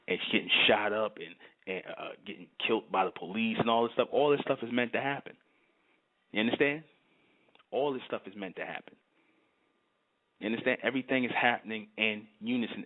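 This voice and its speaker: A man with a fairly low voice lectures in an emphatic, preachy solo monologue. He drives his points home by repeating them and often checks whether the listener understands. The sound is thin and tinny, like a phone line. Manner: emphatic, repetitive, keeps asking "you understand?". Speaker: channel host.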